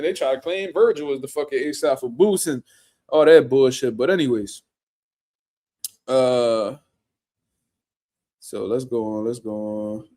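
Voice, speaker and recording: An animated man reacts to boxing news in casual commentary. His voice sits a bit above the usual male range. His talk is blunt, slangy and full of swearing as he rants. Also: fairly high pitch. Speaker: boxing commentary show host.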